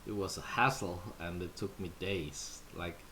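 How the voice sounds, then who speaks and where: Slow-talking Danish man chatting casually. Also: deep voice, steady tone, sharp tone, a little hiss or hum. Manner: chatty and playful, with many fillers. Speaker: livestream host. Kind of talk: casual chat answering viewers.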